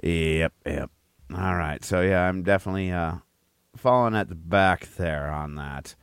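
Deep-voiced man, casual sports co-host. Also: unhurried, gravelly, clear, resonant tone, no echo, clean studio sound. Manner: loose and self-correcting. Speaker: podcast co-host.

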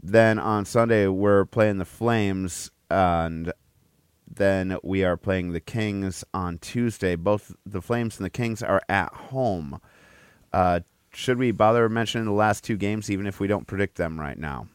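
Deep-voiced man, casual sports co-host. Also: a little slow, clear, resonant tone, no echo, clean studio sound. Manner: loose and self-correcting. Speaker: podcast co-host.

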